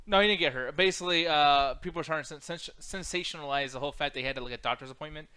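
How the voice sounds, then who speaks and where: A man's voice: fairly high pitch, fast, bright, forceful tone. A man co-hosting a gaming livestream podcast, swearing, joking and rambling in casual banter. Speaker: podcast co-host.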